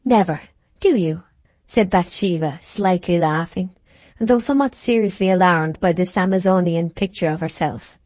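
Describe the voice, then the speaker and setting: A woman reading a classic novel aloud as an audiobook narrator, in a measured, even manner. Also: on the low side, no echo. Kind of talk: scripted narration.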